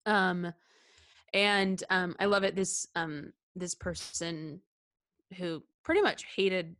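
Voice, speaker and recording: A woman in casual podcast conversation, her voice sitting a little low and her delivery unhurried and slow. She talks earnestly with frequent hesitations and restarts. She sounds sincere and invested. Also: fairly bright tone. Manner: hesitant, many ums and restarts, laughs often; earnest and heartfelt. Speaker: podcast co-host. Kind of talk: casual film discussion chat.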